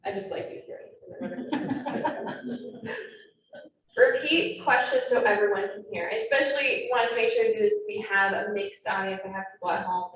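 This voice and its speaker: A young adult woman giving a quick, chatty training talk to a room of trainees. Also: medium pitch. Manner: quick, chatty, self-aware. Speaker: naturalist training presenter. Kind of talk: classroom presentation to trainees. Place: meeting room with live and online audience. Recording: echoey room, mic far off, faint noise.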